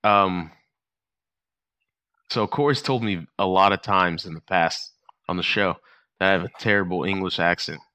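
A man's voice: sits low, normal speed, long pauses, sharp tone, no echo. An American man hosting a podcast, chatting in a playful, teasing way. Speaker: podcast host. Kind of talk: casual chat.

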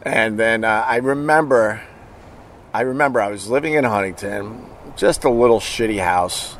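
A man's voice: lowish voice, moderate pace, fairly bright tone, slight background noise. A middle-aged man hosting a show, telling a rambling story in a casual, profane way and chuckling as he goes. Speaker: podcast host.

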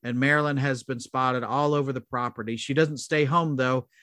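A man hosting a casual podcast chat, relaxed and hesitant, with many fillers. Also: medium pitch, normal speed, clear, resonant tone, no room sound, clean studio sound. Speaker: podcast host.

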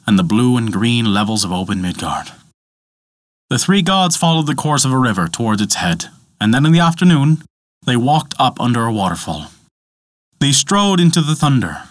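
A man narrating a myth as a storyteller, with expressive, dramatic delivery. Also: mid-range voice, no echo.

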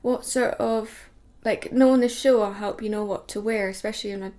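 A woman's voice: mid-range voice, steady tone, fairly quick, dark tone. A woman co-hosting a podcast, talking in a chatty, teasing way with lots of fillers. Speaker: podcast co-host. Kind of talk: casual chat.

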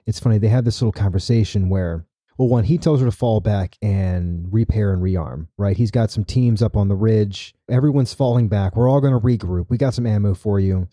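A man's voice: lowish voice, brisk, warm tone, no echo, clean studio sound. A man hosting a podcast, retelling a story in casual chat with many "right?" asides. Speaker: podcast host.

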